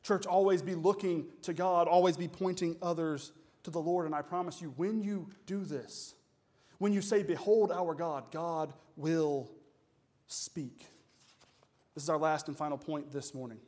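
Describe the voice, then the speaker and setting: A man's voice: a little high, steady tone, a little mellow. Man preaching a dynamic sermon. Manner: preaching with dynamic swells and pauses, uses "y'all". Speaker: pastor.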